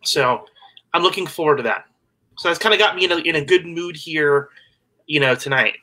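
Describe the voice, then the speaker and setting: A man's voice: on the high side, normal speed, very noisy. A man co-hosting a podcast, chatting in an upbeat way with many fillers. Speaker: podcast co-host. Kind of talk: casual chat.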